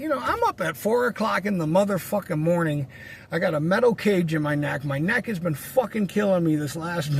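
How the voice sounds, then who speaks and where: Vlogger, male, raspy fry, curses constantly, loose and rambling. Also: high voice, slight background noise. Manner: profane, rambling storyteller. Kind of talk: casual ranting monologue.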